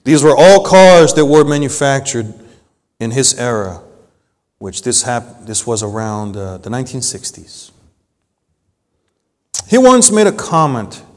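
A man preaching a sermon with an accent, slow and deliberate, and rising to emphatic peaks. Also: medium pitch, big pitch swings, long reverb tail. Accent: non-native English accent. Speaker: pastor.

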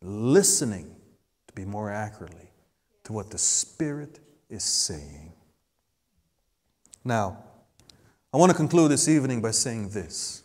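A man preaching a sermon as pastor, swinging between loud emphatic peaks and soft hushed asides. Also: on the low side, animated, moderate pace, long pauses, in a large hall.

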